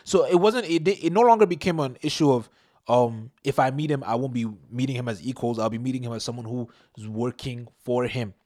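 A young man hosting a casual podcast chat, giving emphatic advice with lively bursts. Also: medium pitch, brisk. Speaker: podcast host.

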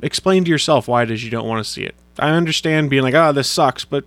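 A man's voice: medium pitch, no echo. A man co-hosting a podcast in casual chat, telling rambling stories. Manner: rapid, rambling storyteller. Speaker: podcast co-host.

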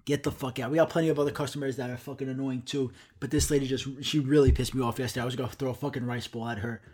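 A man's voice: mid-range voice, fairly even intonation, very fast, a little mellow. A young man hosting a solo podcast, ranting in a profane, exasperated way and acting out the customers and himself in quoted dialogue. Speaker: podcast host. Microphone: studio microphone.

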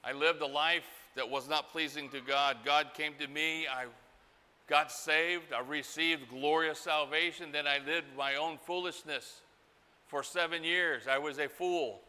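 A middle-aged man preaching a sermon, telling a story slowly and acting out the voices in it. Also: on the high side, steady tone, pushed and bright. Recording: hall reverb.

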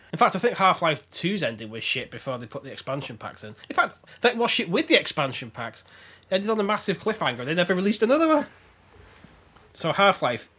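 A man chatting on a podcast with a bright, slightly husky voice that rises and falls in a lively way. He laughs often and swears freely, with a sarcastic streak. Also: mid-range voice. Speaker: podcast host. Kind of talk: casual chat.

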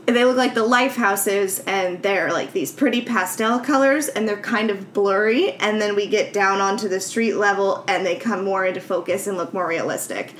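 A woman's voice: mid-range voice, moderate pace, hardly any pauses, a bit bright, slight background noise. A woman co-hosting a casual movie podcast, retelling scenes in a chatty way and laughing often. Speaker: podcast co-host. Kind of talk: casual movie recap chat.

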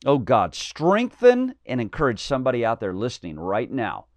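A man's voice: mid-range voice, wildly swooping pitch, moderate pace, dry recording. A man preaching a fiery, emphatic sermon, with bold declarations and mocking asides.

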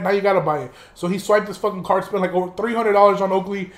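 A man's voice: sits high, very fast, hardly any pauses, echoey room. A young man hosting a podcast, telling a rambling, profane story in a casual monologue and laughing now and then. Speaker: podcast host.

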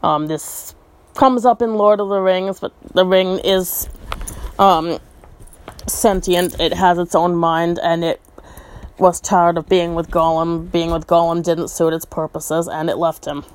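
A woman's voice: on the low side, fairly even intonation, a little slow, clear, resonant tone. A woman casually retelling a fantasy story, with chatty asides and frequent ums.

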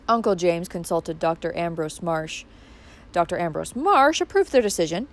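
A woman narrating a classic novel aloud, her pitch moving widely and expressively through each sentence. Her delivery is animated and engaged. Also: moderate pace. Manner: expressive, wide-ranging delivery. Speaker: audiobook narrator.

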